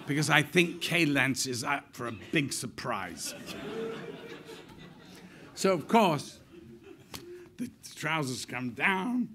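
A man's voice: fairly high pitch, unhurried, creaky, background noise. An older man, telling irreverent anecdotes in an on-stage interview and acting out the quotes. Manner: lively, irreverent storyteller, acts out quotes. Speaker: actor telling stories.

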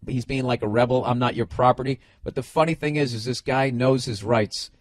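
The clean, dry studio recording captures a middle-aged podcast host talking fairly quickly in a mid-range voice. His storytelling and ranting are casual, animated and profane, marked by lots of swearing and loose restarts.

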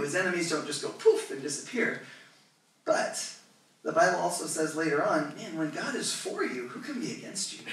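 Lively pastor preaching in an echoey hall. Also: male voice, a little high. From California. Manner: lively, conversational preaching with asides to the congregation. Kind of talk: sermon. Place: church sanctuary. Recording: echoey church hall, voice from a distance.

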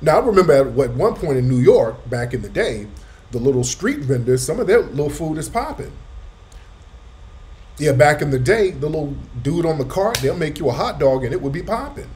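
A man hosting a casual live talk, telling a story with animated emphasis and street slang. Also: fairly high pitch, a little fast, a little hiss or hum. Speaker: host. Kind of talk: casual livestream chat.

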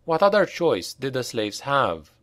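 A man narrating an audiobook in a measured, expressive way. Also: medium pitch, no echo, clean studio sound.

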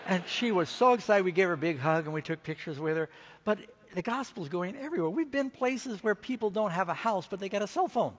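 A middle-aged man preaching a conference sermon, telling a story and rising to excited, emphatic peaks. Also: sits high, fairly quick, lo-fi sound. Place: large conference hall stage.

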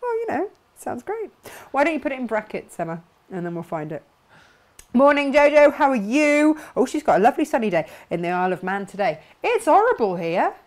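A woman's voice: on the high side, very animated, fairly quick, a little mellow. Bubbly chatty woman host. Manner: bubbly, chatty, laughs often. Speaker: host of a craft shop live stream. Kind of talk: chatty live stream, reading out viewer comments.

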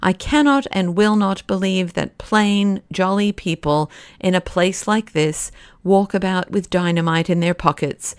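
An impatient, boisterous young male doctor from an audiobook, as a female narrator puts him on, blunt and hearty. He speaks higher and louder than the reader's plain narration, with a crisp, dry clarity. The manner is rough and cheerful. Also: a little slow, no room sound.

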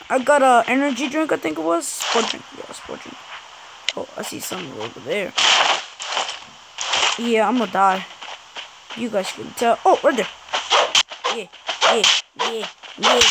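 A woman gamer giving excitable let's play commentary, swearing, yelping and muttering at the game. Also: on the high side, very noisy.

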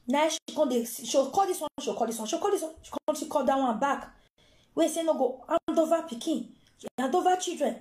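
A woman with a Nigerian Pidgin accent, casually telling a true-life story in an animated, repetitive way. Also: high-pitched, fairly quick. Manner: animated, repetitive, acts out quoted voices. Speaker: storyteller vlogger. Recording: roomy echo.

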